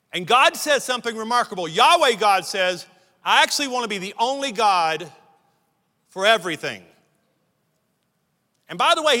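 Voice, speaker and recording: Bright, high-voiced preacher in a hall. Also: male voice. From United States. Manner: emphatic preaching, building lists and repeated phrases. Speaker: pastor. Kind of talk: sermon. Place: church sanctuary. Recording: long reverb of a large hall.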